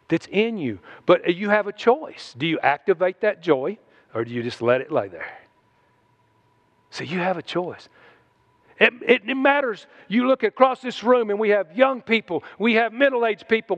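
A man preaching a sermon to his congregation, exhorting and then dropping into hushed asides. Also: high voice, animated, normal speed, dull audio. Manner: exhorting, swings between loud shouts and hushed asides. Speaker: pastor. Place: church sanctuary.

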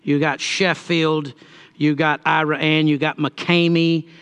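A middle-aged pastor preaching with a high, bright voice. He talks in a folksy, storytelling way, then presses his points home with emphasis. His tone stays clear and lively in the upper register. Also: slow pace. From Texas. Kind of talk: sermon storytelling.

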